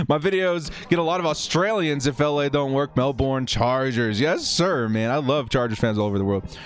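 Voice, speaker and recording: A man hosting a casual live watch-party stream, chatting excitably with viewers and laughing often. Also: mid-range voice, brisk, faint music behind. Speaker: livestream host.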